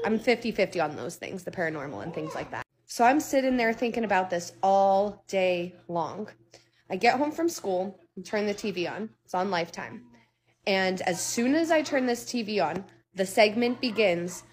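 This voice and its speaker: Woman around 30, casual storytime teller, earnest, emphatic repeats, mid pitch. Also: expressive, moderate pace, fairly bright tone. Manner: emphatic, repeats words for stress; earnest and candid, occasional swearing.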